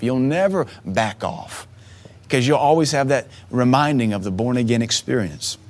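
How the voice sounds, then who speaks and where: Earnest male preacher, emotional and halting. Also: medium pitch. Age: 30s. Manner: earnest, emotional storytelling with repeated restarts. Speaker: pastor. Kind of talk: sermon.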